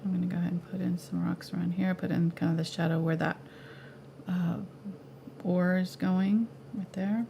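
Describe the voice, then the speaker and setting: A woman with a gravelly, creaky voice talks through a live painting lesson in a home studio. She is relaxed and chatty, and her voice is going hoarse from coughing. A faint hiss of noise sits under the recording. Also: fairly low pitch, normal speed. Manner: relaxed, chatty, laughs easily. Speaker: painting instructor.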